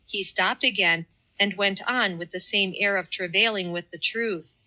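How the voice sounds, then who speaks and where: In this audiobook of a classic novel, a medium-pitched woman narrates from a script with a steady, measured storytelling delivery.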